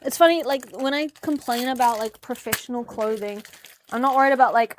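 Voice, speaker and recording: Chatting casually on a livestream, a young New Zealand woman tidies her bedroom, rambling and humming, sometimes singing nonsense syllables. Her voice is a little high and her pace brisk, with slight background noise behind her.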